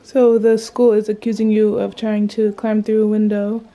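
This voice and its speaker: A woman's voice: medium pitch, monotone, normal speed, mellow. A woman interviewer asking direct, probing follow-up questions.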